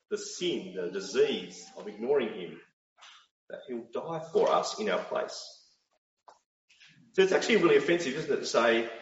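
Middle-aged man, sermon, emphatic, distant mic, roomy dull sound. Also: medium pitch. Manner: emphatic, rhetorical questions. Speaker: preacher.

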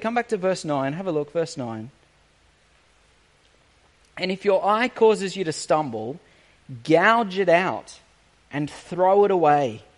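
A male preacher giving a sermon in an earnest, questioning manner. His voice sits high and moves with wide, lively swings of pitch. He leans on rhetorical questions and the odd dry, sarcastic aside.

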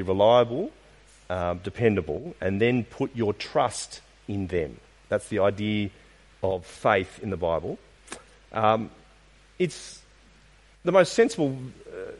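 A man preaching a sermon, posing rhetorical questions and tagging points with "isn't it?". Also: mid-range voice. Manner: asks rhetorical questions with frequent tag questions. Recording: long reverb of a large hall.

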